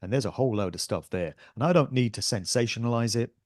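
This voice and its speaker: A man's voice: mid-range voice, fast talker, no echo, studio quality. A man guesting on a podcast interview, talking in an earnest, emphatic way as an author and speaker.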